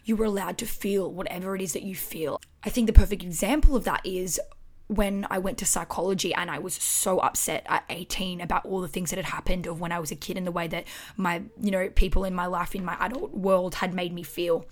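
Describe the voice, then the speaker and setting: A woman's voice: lowish voice, brisk. Candid Australian woman, podcast monologue. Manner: candid, expressive, swears freely. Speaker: podcast host. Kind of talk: casual solo podcast monologue. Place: her house. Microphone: podcast microphone.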